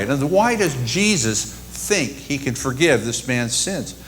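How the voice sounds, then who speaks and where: A man's voice: mid-range voice, sing-song, a little slow, a bit bright, slight background noise. A man preaching a sermon and retelling scripture in a casual, storytelling way. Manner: conversational storytelling. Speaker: pastor.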